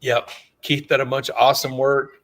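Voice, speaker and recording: A man's voice: mid-range voice, level tone, a little fast, fairly bright tone. A man hosting a casual interview, making easygoing remarks and short words of agreement. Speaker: show host.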